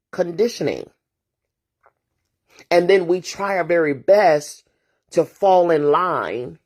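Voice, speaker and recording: A woman's voice: low-pitched, a little mellow. A woman talking as a therapist and host in a casual morning monologue, emphatic and preachy, hammering points home through repeated phrases and rhetorical asides.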